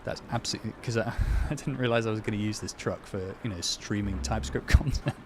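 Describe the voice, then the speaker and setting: A fairly low-voiced man talks loosely with his stream's chat, self-mocking and easygoing. The steady hum of a driving game plays clearly behind him. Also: fast. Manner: chatty, self-deprecating, reads out and answers chat. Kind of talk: casual live-stream chat while playing a truck game.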